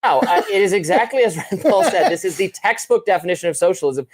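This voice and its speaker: A man's voice: high voice, animated, fast talker. Hesitant man with many fillers. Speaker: guest co-host. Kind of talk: live political discussion.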